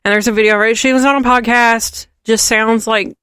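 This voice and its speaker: A woman with a Southern US accent, co-hosting a podcast in casual, teasing, animated chat. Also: on the high side, fairly quick, smooth, no room sound, clean studio sound. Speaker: podcast co-host.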